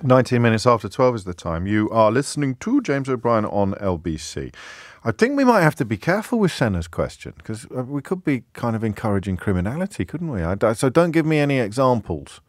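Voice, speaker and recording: A man's voice: medium pitch, very animated, a little fast, dry recording, studio quality. A man hosting a radio phone-in, talking casually in a chatty, wry, self-mocking way. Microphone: studio microphone.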